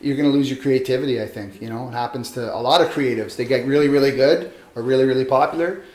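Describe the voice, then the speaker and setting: Male sculptor, middle pitch, easygoing and self-deprecating, echoey workshop. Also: fast talker. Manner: relaxed, rambling, self-deprecating. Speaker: metal sculptor. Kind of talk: casual interview. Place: metal workshop. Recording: roomy echo.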